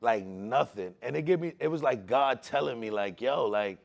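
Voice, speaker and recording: A man telling his personal faith testimony in casual slang, emotional, repeating words for emphasis, swinging between hushed and loud. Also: mid-range voice, animated, normal speed, vocal fry, muffled recording. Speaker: testimony speaker.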